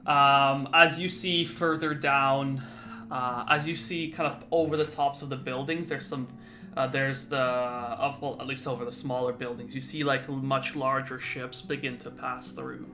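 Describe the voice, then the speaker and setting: A young man narrating as game master, halting often with fillers and restarts. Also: medium pitch, steady tone, over music. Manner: hesitant, many fillers and restarts.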